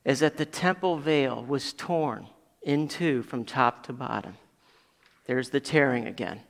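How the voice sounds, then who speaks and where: A man preaching a sermon as pastor, building to loud emphatic peaks and dropping to quiet asides. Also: mid-range voice, unhurried, in a large hall.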